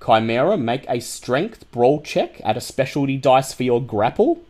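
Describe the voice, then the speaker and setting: A man narrating a tabletop game as game master, in a measured, descriptive way. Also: medium pitch, big pitch swings, a little mellow.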